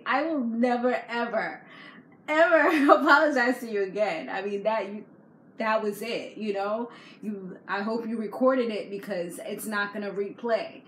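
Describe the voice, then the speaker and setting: A woman vlogger recapping a reality TV episode in a chatty, slangy way, laughing often. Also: fairly high pitch. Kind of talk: casual chat. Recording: echoey room with faint background noise.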